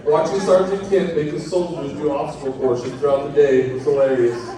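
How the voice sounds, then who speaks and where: A man reading a prepared eulogy with steady, wry storytelling. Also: fairly high pitch, moderate pace, crowd noise. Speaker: eulogy speaker. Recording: echoey hall, distant mic.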